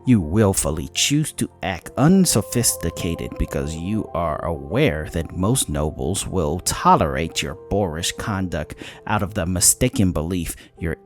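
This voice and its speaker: A man's voice: low-pitched, darkish tone. A man reading a cold, haughty fae woman. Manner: formal, cutting, measured.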